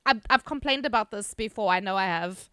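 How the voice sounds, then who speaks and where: A woman's voice: mid-range voice, brisk, bright, forceful tone, clean tone, no echo, studio quality. A woman streamer chatting casually with her live chat, laughing often, swearing casually, and reading viewer names aloud.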